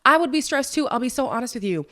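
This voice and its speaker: A young adult woman hosting a casual recap podcast. She talks in a chatty, animated way and quotes people in playful voices. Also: sits high, quick pace. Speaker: podcast host.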